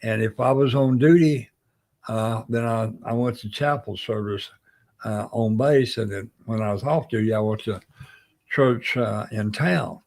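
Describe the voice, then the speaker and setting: With a fairly low, gravelly voice and a slightly slow pace, an older man who served in the Navy spins a long personal story as an interview guest. He brings it to life by performing the voices of the people he quotes.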